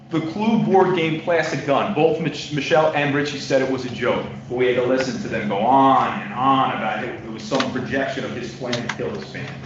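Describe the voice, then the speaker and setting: A male defense attorney delivering a closing argument to a jury, emphatic and repetitive, swinging between loud stresses and quiet asides. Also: medium pitch. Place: large courtroom. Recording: distant, echoey courtroom audio, dull lo-fi with noise.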